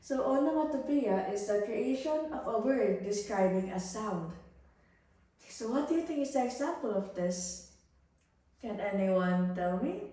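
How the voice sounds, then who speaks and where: Slow young woman teaching, echoey. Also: medium pitch, animated, dark tone. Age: young adult. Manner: slow, careful teacherly explaining with praise to pupils. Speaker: student teacher. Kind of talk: demo English lesson. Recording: echoey room, voice far from the mic.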